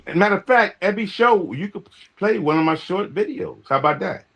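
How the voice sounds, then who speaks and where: A man's voice: sits high, expressive, fairly quick, creaky, a bit bright. A man arguing insistently in a podcast debate, often stammering as he restarts. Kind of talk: heated panel debate.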